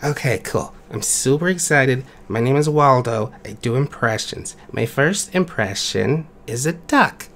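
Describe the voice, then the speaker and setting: A man's voice: medium pitch, lively intonation, a little slow, hardly any pauses, a bit bright, a little hiss or hum. Man doing a chipper wolf impressionist. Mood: eager. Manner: chipper, eager. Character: cheerful young male wolf impressionist.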